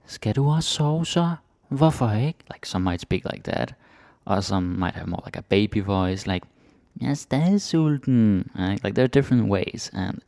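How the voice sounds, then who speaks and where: A man's voice: sits low, vocal fry, a little mellow. A man giving casual, chatty commentary in a language lesson, full of offhand asides and fillers. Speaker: language teacher.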